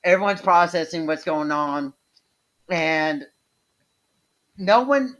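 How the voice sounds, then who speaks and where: A man co-hosting a casual wrestling podcast, talking haltingly with frequent restarts and chuckles as he recalls. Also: on the high side, lively intonation, fairly bright tone. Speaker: podcast co-host.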